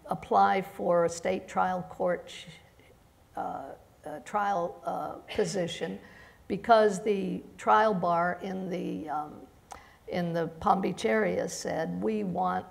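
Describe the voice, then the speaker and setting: A woman judge speaking on a panel, halting with many restarts and fillers, who came to the country as an immigrant. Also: lowish voice, steady tone, creaky. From immigrant to the United States. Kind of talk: panel discussion.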